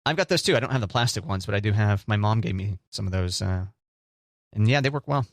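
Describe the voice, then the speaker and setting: A man co-hosting a casual podcast chat, joking around and telling animated little stories. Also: on the low side, fast talker, dry recording, studio quality. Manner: playful, jokey, animated storytelling. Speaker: podcast co-host.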